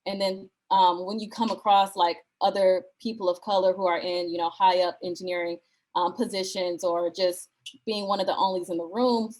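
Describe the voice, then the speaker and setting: A woman from Michigan speaking as a panelist, thoughtful and measured, with frequent pauses. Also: lowish voice, steady tone, a little mellow, poor audio. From Flint, Michigan. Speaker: alumna panelist. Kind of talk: panel discussion.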